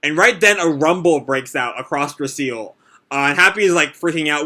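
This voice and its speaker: Hosting a live manga reaction, a young man reads and chats loosely, rambling and leaning on fillers. His voice is on the high side and sharp, at normal speed.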